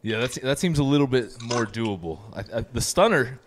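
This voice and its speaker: A man's voice: medium pitch, expressive, moderate pace, slight background noise. A man hosting a podcast, asking questions in a laid-back way, laughing along and swearing casually. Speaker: podcast host. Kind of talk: casual interview chat.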